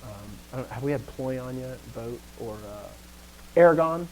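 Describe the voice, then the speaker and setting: At normal speed, over poor audio with a little hiss or hum, a man gives a laid-back Greek lesson. He keeps correcting himself and checking in with the class, and he shows emphasis by saying stressed words louder and at a higher pitch.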